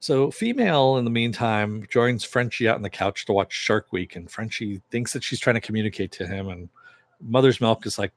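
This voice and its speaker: A man with a fairly low voice talks through an episode recap in a loose, chatty way. He fills pauses often and chuckles as he retells the scenes. The sound is dry, with no room around it. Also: animated, no echo. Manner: chatty, many fillers, chuckles while retelling. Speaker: TV series reviewer.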